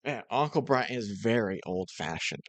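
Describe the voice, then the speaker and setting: Low-voiced man giving dry commentary. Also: normal speed, no echo. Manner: relaxed, hesitant, chuckling asides. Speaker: streamer reacting to a clip. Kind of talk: casual commentary.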